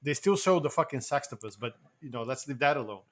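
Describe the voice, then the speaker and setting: A man's voice: mid-range voice, expressive, fast talker. A man co-hosting a podcast, rambling through a casual movie review and laughing often. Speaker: podcast co-host.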